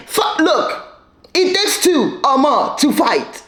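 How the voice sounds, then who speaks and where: A woman's voice: high-pitched, sing-song, slow, a bit bright. A woman giving casual, sassy commentary recapping a reality show, with playful asides and frequent laughter. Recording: echoey room.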